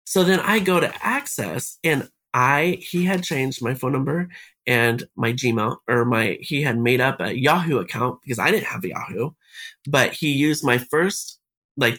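A man with a husky, breathy voice recounts what happened to him as a podcast guest. He talks at a middling pitch and walks through the events in order, quoting each exchange along the way. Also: fairly bright tone. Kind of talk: telling a personal story.

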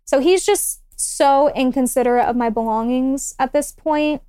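High, smooth-voiced young woman telling a story. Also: moderate pace, no room sound, clean studio sound. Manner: animated, acts out quoted dialogue. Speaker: guest. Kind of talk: casual storytelling.

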